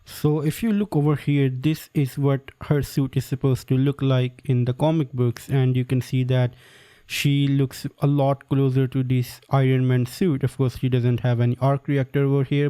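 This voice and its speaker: A man giving casual, opinionated video commentary, full of "like" and quick asides. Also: medium pitch, dark tone, clear, resonant tone. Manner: opinionated, filler-heavy with frequent "like". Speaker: pop-culture commentator.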